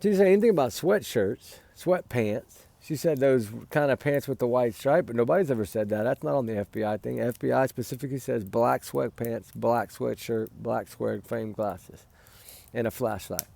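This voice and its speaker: A man's voice: medium pitch, moderate pace, creaky, dark tone, dry recording. A tired man giving his casual opinions on a case, rambling and often asking "right?". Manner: rambling, repeats "right?", sighs and yawns. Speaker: commentator on a missing-child case.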